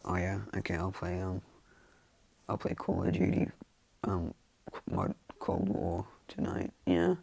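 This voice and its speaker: Man voicing a deep, gravelly, nonchalant teen boy, flat lazy mumble. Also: a little slow, long pauses, no echo, heavily acted. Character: laid-back teenage boy, nonchalant and unbothered.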